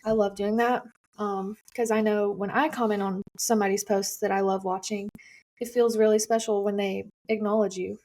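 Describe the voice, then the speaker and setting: A woman at an ordinary middle pitch talks as a guest in a relaxed interview. Her speech is chatty and easygoing, loosely strung together with fillers. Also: moderate pace. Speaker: guest content creator. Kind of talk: casual interview chat.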